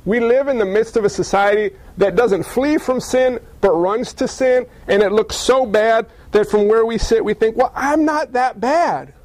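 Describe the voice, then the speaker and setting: High-voiced man preaching a folksy sermon. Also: moderate pace, hardly any pauses, no echo. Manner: folksy and animated, acting out quoted voices.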